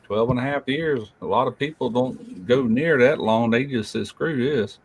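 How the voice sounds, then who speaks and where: A man's voice: medium pitch, normal speed, gravelly, husky. An older man hosting a casual live chat, telling blunt, folksy stories about work and family. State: feeling unwell. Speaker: host.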